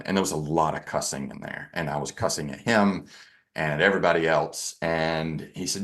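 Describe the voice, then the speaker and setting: A man speaking as a podcast guest, telling his own story frankly, often halting and restarting his sentences, with a self-deprecating edge. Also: a bass voice, steady tone, a bit bright. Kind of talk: candid personal storytelling.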